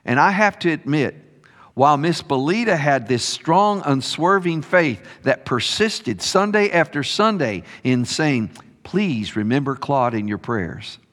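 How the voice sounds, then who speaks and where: A man preaching a sermon as a story, slow and expressive, dropping his voice softly on key words. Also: mid-range voice. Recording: long hall reverb.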